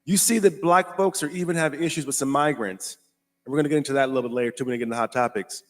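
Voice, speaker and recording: Brief: American male host, mid-pitched voice, emphatic, repeats himself, slows down for emphasis. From United States. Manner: emphatic, repetitive, slows down to stress points. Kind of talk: casual commentary show.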